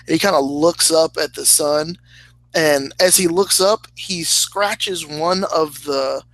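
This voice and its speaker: A man narrating as game master of a tabletop game, halting and thinking aloud with many restarts. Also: a little high, fairly bright tone, no room sound, poor audio.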